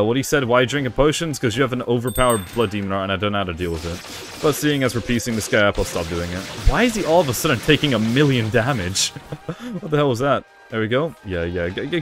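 A young man giving casual gameplay commentary, excitable and sarcastic, joking at his own expense. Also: on the low side. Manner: excitable, sarcastic, frequent self-deprecating jokes. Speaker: gaming video creator.

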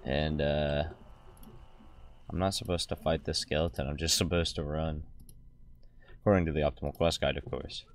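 A man's voice: very deep voice, steady tone, normal speed, pauses often, a little hiss or hum. A young man hosting a gameplay video, rambling and joking as he plays and acts out snippets of dialogue. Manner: jokey, rambling, with mock-dialogue asides. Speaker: gaming video host.

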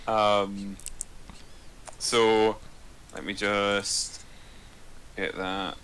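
A man's voice: very slow, slight background noise, low-quality recording. A man as a player in a tabletop game, muttering his dice rolls and chatting casually. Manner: relaxed, muttering dice rolls, jumpy pitch when excited.

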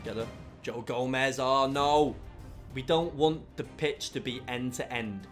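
A young man commentating his own football video game, muttering through play and erupting into shouts at goals. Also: medium pitch, unhurried, soft background music. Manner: excitable, bursts into shouts after goals. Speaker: gaming YouTuber.

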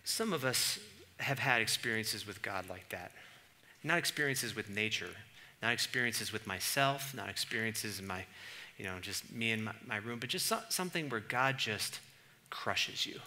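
Pastor guy preaching in church, super bright ringing voice, talks casual, gets loud and worked up. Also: lowish voice, lively intonation, moderate pace. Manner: conversational, builds to loud exasperated comic reading. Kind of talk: sermon.

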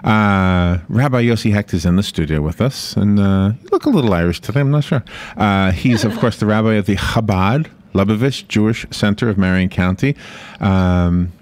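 A man's voice: fairly low pitch, moderate pace, a little mellow, no room sound. A man hosting a radio talk show in a studio, chatty and jokey, laughing often with his guest. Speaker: radio host. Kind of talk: casual radio chat. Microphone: studio microphone.

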